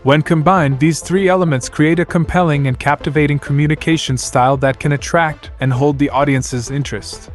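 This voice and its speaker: A man giving a scripted narration in a measured, announcer-like way, walking through numbered points. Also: a little high, steady tone, faint music behind.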